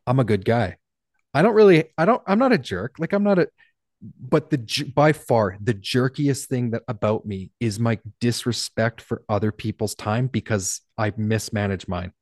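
A man's voice: mid-range voice, animated, normal speed, darkish tone, no echo, studio quality. A man from Canada, a business owner, chatting candidly as a podcast guest and rambling through frequent restarts. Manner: candid, rambling, self-deprecating with many restarts. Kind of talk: casual interview chat.

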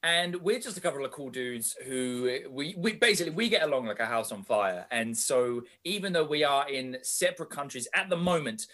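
A young man, co-hosting a casual podcast chat with a friend in an animated, chatty way. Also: mid-range voice, moderate pace, few pauses. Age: young adult. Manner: animated, chatty British slang. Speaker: podcast co-host.

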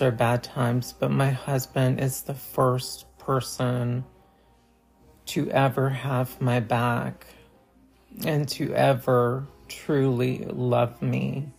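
Slow, gravelly-voiced woman vlogger. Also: very deep voice, a little mellow. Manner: slow, halting, with many pauses and fillers. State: choked up. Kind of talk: heartfelt holiday message to viewers.

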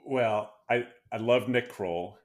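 A man co-hosting a casual podcast, speaking hesitantly with many pauses and fillers. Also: lowish voice. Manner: hesitant, lots of uh and um, laughs easily. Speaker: podcast co-host. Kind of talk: casual chat.

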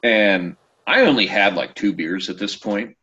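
A man hosting a casual chat show, telling a story with lively, acted-out quotes. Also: fairly low pitch, a little slow, highs cut off, a little hiss or hum. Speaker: podcast host.

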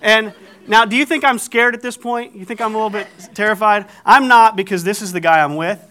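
A man's voice: high voice, brisk, pushed and bright. A middle-aged man preaching, telling a story with animation and acting out the people in it. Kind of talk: storytelling sermon.

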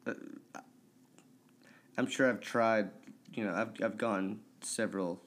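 A man's voice: on the low side, steady tone, slow pace. A man co-hosting a podcast, bantering in a crude, joking way and calling his co-host dude.

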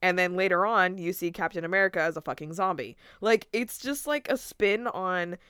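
A young adult woman, podcast co-host, chatting casually and excitedly, swearing and acting out scenes. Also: fairly low pitch, moderate pace, clean tone, no room sound, clean studio sound. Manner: excitable, swears freely, acts out quotes. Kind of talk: casual chat.

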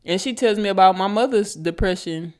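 A candid podcast co-host speaking at a middling pitch. The talk is loose and conversational, full of stories and easy swearing. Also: a little fast, clean tone. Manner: candid, profane, storytelling. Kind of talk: casual chat.

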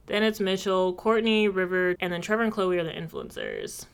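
An American woman co-hosting a casual chat, animated and joking. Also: on the low side, normal speed, gravelly, clean tone. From United States. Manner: animated, joking, mocks accents playfully.

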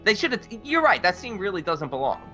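A man's voice: sits high, big pitch swings, dull audio, faint music behind. A man co-hosting a movie podcast, arguing plot points in a jokey, casual way. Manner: bright, quick to argue, jokey. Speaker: podcast co-host. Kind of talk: casual movie review chat.

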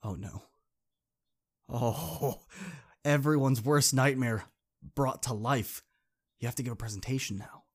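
A man's voice: medium pitch, slow pace, long pauses, husky. A man hosting a podcast, telling a second-person story in a casual, conversational way. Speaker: podcast host.

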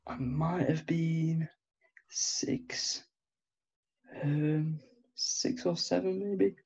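Slow, gravelly young British man. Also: fairly high pitch, fairly even intonation, darkish tone. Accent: British English. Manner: laid-back, hesitant, with many fillers. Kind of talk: casual storytelling chat. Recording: dull lo-fi sound.

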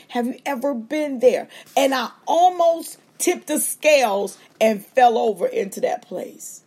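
Fervent woman preaching, husky voice. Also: fairly high pitch, a little mellow. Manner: fervent, call-and-response preaching with quick acted-out asides. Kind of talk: sermon. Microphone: livestream feed.

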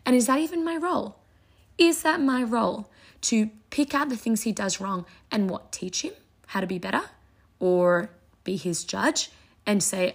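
A woman giving an excited, casual devotional talk at home, reading scripture aloud and gushing over it. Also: mid-range voice, measured pace, creaky, husky. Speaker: Christian mom vlogger teaching the Bible. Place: home kitchen.

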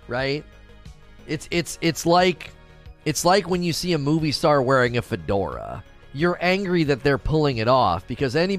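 A middle-aged man hosting a gaming news livestream, chatting casually and talking straight to his viewers. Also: medium pitch. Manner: animated, chatty, addresses viewers directly.

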